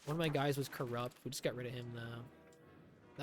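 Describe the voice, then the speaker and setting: Man, gameplay streamer, sarcastic and muttering, mid pitch, faint music behind. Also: fairly even intonation, moderate pace. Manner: sarcastic, talking to himself, swearing. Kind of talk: live gameplay commentary.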